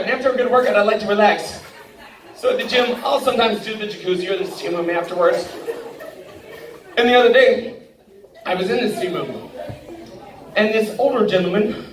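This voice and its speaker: A woman doing a stand-up comedy set, brash and profane, often laughing through her punchlines. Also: medium pitch. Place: large indoor hall at a live benefit show. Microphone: phone camera from the audience, far from the stage. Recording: echoey hall recorded from far off. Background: audience laughter and room noise.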